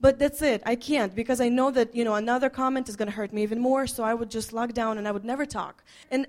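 A woman pastor giving earnest marriage advice, telling a personal story with many restarts. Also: a little high. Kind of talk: marriage teaching talk with a co-host.

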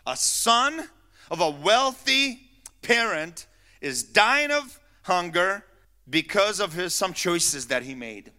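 A male pastor delivering a sermon in a high-pitched, crisp and forceful voice. His delivery is lively and sweeping, full of rhetorical questions and playful asides to the listeners. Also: slow pace. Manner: animated storytelling, teasing asides to the congregation.

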